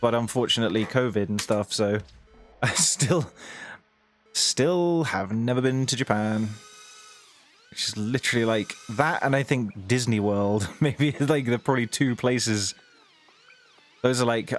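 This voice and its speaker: A young British man chatting casually to his viewers on a live stream, rambling and laughing often. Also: mid-range voice.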